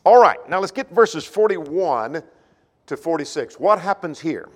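A man's voice: a little high, lively intonation, measured pace. A man leading a Bible study lesson who thinks aloud, restarting phrases and repeating words as he goes. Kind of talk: Bible class lecture. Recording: long reverb of a hall.

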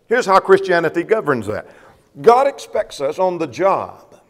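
A man's voice: high voice, sing-song, a little slow. Man preaching in a reverberant hall. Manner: emphatic, repeats refrains, asks the congregation questions. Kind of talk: sermon.

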